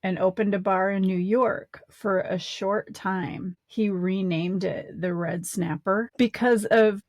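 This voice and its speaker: A woman's voice: medium pitch, steady tone, slow, darkish tone, no room sound. A woman co-hosting a podcast in a casual, chatty way, laughing easily as she talks. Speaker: podcast co-host.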